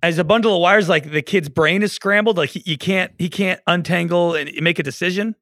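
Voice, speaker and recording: A man with a bright, forward voice co-hosts a casual podcast, pitched a little high. He explains things in a measured, step-by-step way. The recording is dry and close. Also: no echo. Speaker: podcast co-host. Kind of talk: casual chat.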